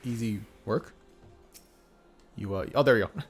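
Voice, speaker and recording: A man's voice: on the low side, measured pace, soft background music. A young man streaming a game, joking and laughing in slangy, casual commentary.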